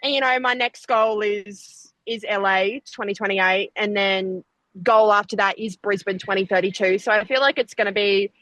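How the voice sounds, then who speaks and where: A young Australian woman in her twenties, chatting casually as an athlete guest, quick and talkative with frequent laughter. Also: medium pitch, fairly even intonation, fairly bright tone, dry recording, poor audio. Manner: chatty, laughs often, fast bursts. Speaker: Olympic sprinter, guest. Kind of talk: casual interview chat.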